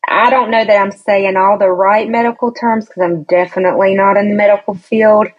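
A woman's voice: mid-range voice, steady tone, fairly quick, breathy edge. A woman telling a personal story as a podcast guest, chatty and hesitant, with many restarts. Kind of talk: casual storytelling chat. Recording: dull lo-fi recording.

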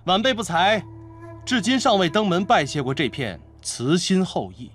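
An actor playing a composed, defiant young swordsman, speaking in a measured, formal and cutting way in a period martial-arts drama. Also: high voice, animated, a bit bright. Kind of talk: period wuxia drama dialogue. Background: drama score music.

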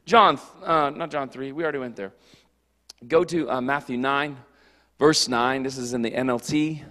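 A man preaching a casual, animated youth sermon in a church, joking and slipping into quick character voices. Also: mid-range voice. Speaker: youth pastor. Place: church hall. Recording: long hall reverb.

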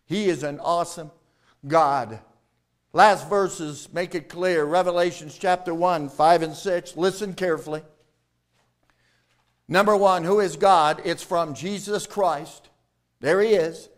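A male pastor preaching a sermon, calling for replies from the congregation and swinging between loud emphatic lines and quiet low ones. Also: unhurried.

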